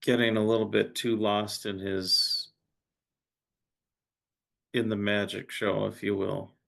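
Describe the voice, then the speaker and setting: A man's voice: on the low side, flat delivery, gravelly, fairly bright tone. A man playing a tabletop role-playing game, speaking hesitantly as his character. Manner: hesitant, halting. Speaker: player.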